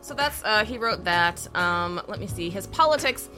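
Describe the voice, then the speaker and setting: A woman's voice: mid-range voice, expressive, normal speed, pushed and bright, faint music behind. A woman co-hosting a podcast in casual chat, reading facts aloud in a dry manner. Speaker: podcast co-host.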